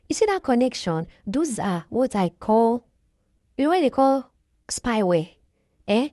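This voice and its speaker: A Nigerian woman with a fairly high voice and a stuffy nose from a cold. She gossips in a casual, emphatic way, recorded dry and close with no room sound. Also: darkish tone, no room sound. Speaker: reaction vlogger. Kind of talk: casual reality-show commentary.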